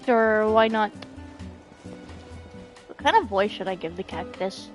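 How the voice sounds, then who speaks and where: A woman's voice: medium pitch, a little slow, soft background music. A woman streaming a game, chatting casually and reading her chat aloud, giggling often. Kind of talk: casual live commentary.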